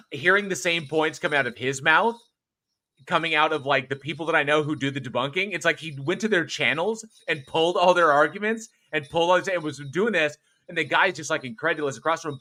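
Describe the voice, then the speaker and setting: A man hosting a casual livestream, chatting and getting animated as he tells stories. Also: fairly high pitch, fairly quick. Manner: excitable, animated when telling stories. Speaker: host.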